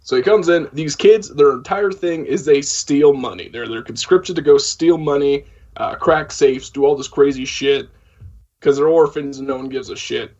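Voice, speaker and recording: A man's voice: medium pitch, normal speed, a little mellow. A man co-hosting a podcast, giving a casual, profane, rambling recap of a film's plot. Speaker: podcast co-host. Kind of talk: casual film discussion. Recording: dull lo-fi audio.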